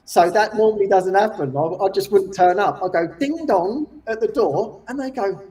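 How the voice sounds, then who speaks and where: A man telling a personal story in casual chat, animated and laughing often as he acts out quotes. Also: high voice, a little fast. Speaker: guest. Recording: distant from the mic.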